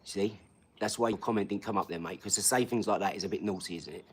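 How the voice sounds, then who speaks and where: A man's voice: sits low, fast talker, husky. A man, chatting casually on a live stream and bantering with a troll in his comments.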